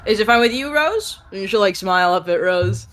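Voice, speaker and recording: A woman's voice: medium pitch, lively intonation, a little fast, a bit bright. A woman playing a tabletop game, talking casually in a laid-back way with frequent laughter. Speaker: player.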